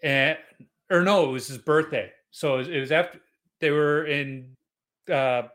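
A middle-aged man hosts a casual podcast interview with a bright, clear-edged voice. He tells family stories easily, slipping into lively quoted voices. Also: fairly high pitch, moderate pace. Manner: storytelling, animated quoting of family. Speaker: podcast host.

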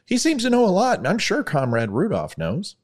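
A man's voice: high voice, wildly swooping pitch, a little fast, voice pushed up, heavily acted. A man voicing a stubborn newlywed husband in a joke, speaking with animation. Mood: insistent.

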